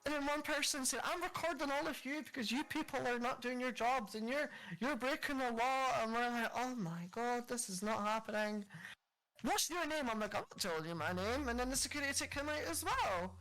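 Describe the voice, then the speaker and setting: A woman co-hosting a podcast, telling customer service stories in a casual, animated way, acting out angry customers and swearing freely. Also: fairly high pitch, a little fast, hardly any pauses, low-quality recording. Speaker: podcast co-host. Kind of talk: casual storytelling chat.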